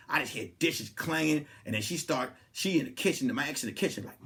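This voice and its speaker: A man hosting a comedy podcast, telling a story in a casual, animated way and swinging from hushed asides to loud, laughing outbursts. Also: a little high, fast talker, gravelly. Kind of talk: comic storytelling.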